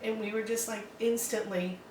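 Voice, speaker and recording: A middle-aged woman talking in a relaxed, rambling way, filling her pauses with ums and little laughs. She sits away from the microphone, so her voice carries a roomy echo. A faint hum of ambience sits behind her. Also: medium pitch, far from the mic. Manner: rambling, hesitant, many ums and likes, laughs often. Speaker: adoptive mother, interview guest. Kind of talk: casual interview.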